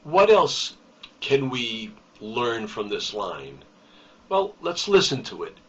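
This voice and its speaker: A man explains poetry in a measured, unhurried way and leans on each key term. His voice sits at an ordinary pitch. The recording sounds dull and lo-fi, as if the mic were set back from him. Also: big pitch swings, recorded from a distance. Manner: slow, deliberate explaining with emphasis on key terms. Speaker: teacher.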